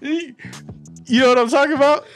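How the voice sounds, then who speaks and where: A man's voice: very high-pitched, a little fast, fairly bright tone, soft background music. A man, chatting casually on a podcast, laughing and slangy. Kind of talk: casual chat.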